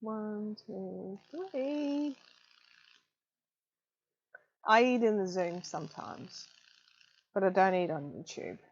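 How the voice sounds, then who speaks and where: A woman's voice: mid-range voice, dull audio. A woman hosting a casual craft live stream, chatting loosely and reading viewer comments aloud with frequent ums. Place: home craft room.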